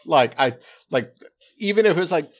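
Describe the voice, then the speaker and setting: Man, tabletop player, goblin, ranting, profane, lively swooping pitch. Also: moderate pace. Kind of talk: casual tabletop play as a goblin.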